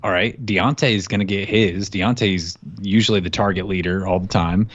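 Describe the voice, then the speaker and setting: A man co-hosting a casual podcast, brash and teasing, talking in quick bursts full of slang. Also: low-pitched, fairly even intonation, muffled recording. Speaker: podcast co-host. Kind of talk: casual banter about fantasy football.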